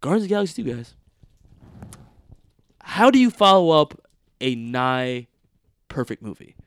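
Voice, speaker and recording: A man's voice: on the high side, big pitch swings, normal speed, dry recording. A young man hosting a casual movie review podcast, loose and jokey, often trailing off mid-sentence. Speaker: podcast host.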